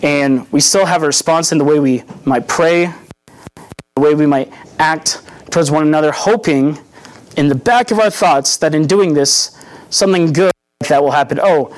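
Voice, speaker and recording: A young adult man giving a sermon in an earnest, conversational teaching manner, acting out quotes as he goes. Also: a little high. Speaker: preacher.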